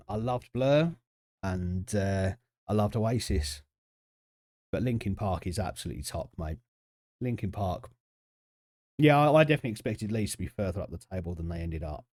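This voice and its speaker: A man chats casually through a football management game stream, joking with his viewers. His voice sits low but swings up and down with lively pitch. The sound is close and dry, with no room around it. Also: moderate pace, long pauses, no echo. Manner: chatty, jokey, reacts to chat and the match. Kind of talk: casual live-stream commentary.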